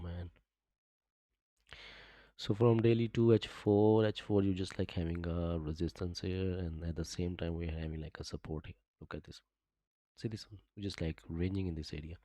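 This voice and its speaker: A man with a fairly low voice hosts a live trading stream, walking through market charts as he goes. He keeps filling his sentences with "just, like" and bursts into excited little exclamations. The sound is close and dry, with no room behind it. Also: dry recording. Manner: peppers speech with "just, like", frequent excited exclamations.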